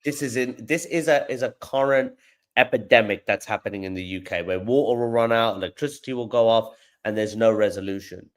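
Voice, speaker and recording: Fairly low-pitched and brisk, this AI company founder from London is a guest on a podcast interview. He gives long explanations packed with examples and frequently repeats words along the way.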